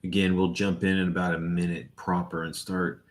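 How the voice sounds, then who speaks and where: A man with a slightly low voice hosts a casual livestream, greeting viewers in chat by name. His talk is loose and rambling, full of swearing and restarts, spoken into a webcam setup. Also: little pitch movement, normal speed. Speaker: livestream host.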